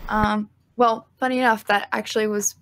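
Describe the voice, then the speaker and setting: A woman's voice: medium pitch, flat delivery, moderate pace, a bit bright, slight background noise. A young woman with a Southern American accent, asking rambling questions with giggles on a casual gaming podcast. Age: young adult. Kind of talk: casual interview chat.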